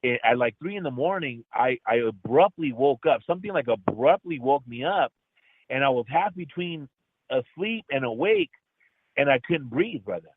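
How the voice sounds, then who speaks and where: A man, an actor guest on an interview show, telling a deeply personal story in an earnest, heartfelt way and calling the host brother. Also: expressive, moderate pace, breathy edge, no echo. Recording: tinny phone-like line.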